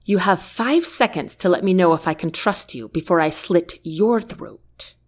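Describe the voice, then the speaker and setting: A woman's voice: on the low side, measured pace. A woman voicing a suspicious male ship captain in a storybook, curt and demanding. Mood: stern.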